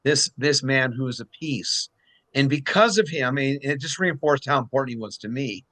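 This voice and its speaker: Man hosting with a bright, forceful voice. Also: mid-range voice, normal speed. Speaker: host. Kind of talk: casual talk show chat.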